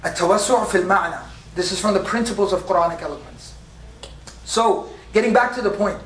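A man's voice: high voice, brisk, a bit bright, slight background noise. A man delivers a sermon at night in a mosque hall, pressing his points with rhetorical questions and repetition. His voice is heard from a distance, in a room with a lot of echo and a faint murmur of ambience behind him. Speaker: preacher.

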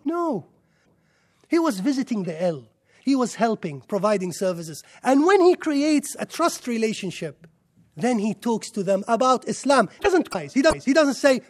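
A man giving an impassioned religious lecture to a live audience, excitable and firing rhetorical questions at the listeners. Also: very high-pitched, moderate pace. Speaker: Islamic lecturer.

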